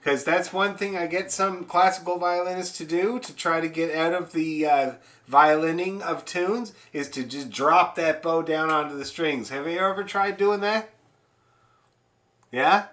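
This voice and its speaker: A man's voice: a little high, unhurried, a bit bright. Chatty man teaching fiddle online. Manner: encouraging, chatty, explains with demonstrations. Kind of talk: online music lesson. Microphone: video call.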